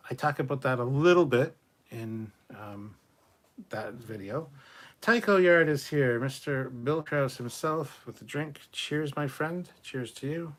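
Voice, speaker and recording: A man's voice: mid-range voice, lively intonation, unhurried, a bit bright. A man hosting a casual live stream, reading out and answering viewer chat messages with loose jokes and the odd swear. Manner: joking, swears, chats loosely.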